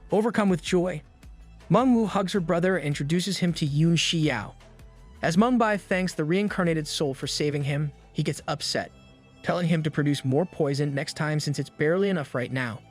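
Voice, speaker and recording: A man narrating a manga recap in a brisk scripted delivery, dropping slangy jokes between plot beats. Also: a little high. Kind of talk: scripted narration with quick asides. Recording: voice-over over soft background music.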